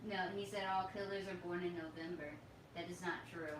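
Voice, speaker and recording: A woman's voice: lowish voice, fairly even intonation, fairly quick, slight background noise. A woman hosting a casual livestream dinner chat, rambling and giggly, with lots of fillers. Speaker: livestream host. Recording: roomy, echoey sound from a distant mic.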